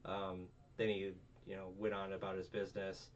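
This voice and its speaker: A man's voice: low-pitched, completely flat delivery, normal speed. A young man hosting a casual review podcast, rambling, swearing and retelling scenes. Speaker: podcast host. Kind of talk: casual anime review chat. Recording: distant muffled mic, faint hum.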